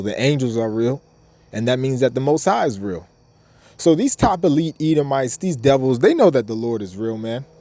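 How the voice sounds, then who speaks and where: A man leads an informal scripture lesson in a warm, mellow voice at a middling pitch. He talks loosely and repeats himself, stopping to read verses aloud. The sound is dry and close, with no room around it. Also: no echo. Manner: casual, repetitive, restarts often, reads verses aloud. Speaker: bible teacher.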